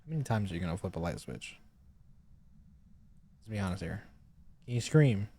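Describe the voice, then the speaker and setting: Male game streamer, lowish mellow voice, chatty live commentary at a desk mic, grumbles about updates. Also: animated, normal speed. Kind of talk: casual live gameplay commentary.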